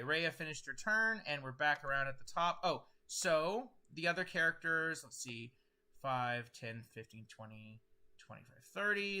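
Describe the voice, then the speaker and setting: A man's voice: medium pitch, sharp tone, clear, resonant tone. A man running a tabletop game as game master, thinking aloud as he tallies dice rolls. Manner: thinks aloud while tallying dice, with many fillers.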